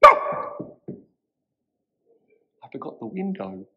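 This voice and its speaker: A man voicing a small, fretful little witch woman in a children's story, talking high and apologising in a fluster. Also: animated, a little fast, reverberant, highs cut off, natural voice.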